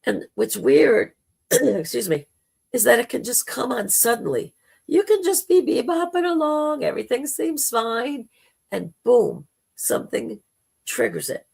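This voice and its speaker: A woman hosting a live spiritual talk, telling a personal story slowly and heartfelt, with dramatic quoted asides. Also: a little high, sing-song, gravelly, darkish tone, slightly rough. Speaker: spiritual talk show host.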